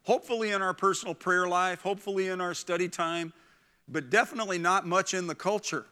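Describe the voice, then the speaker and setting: A middle-aged male pastor preaching with a high-set, very bright and forceful voice. He delivers the sermon in an animated way, slipping into the voices of people in his stories. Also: fairly quick, clean tone.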